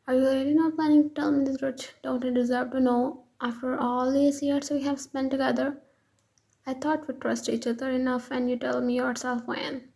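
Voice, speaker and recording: A woman voicing a possessive young boyfriend, husky gravelly read, flat delivery, fan fiction story. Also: high voice, moderate pace. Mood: accusing.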